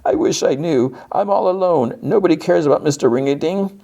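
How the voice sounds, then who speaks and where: A man's voice: medium pitch, sing-song, moderate pace, a little mellow, lo-fi sound, pitched above the performer's own voice. A man voicing a living cartoon showman who is secretly a menacing god of light, with a gleeful, theatrical sing-song delivery. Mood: forlorn. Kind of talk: podcast recap with acted quotes.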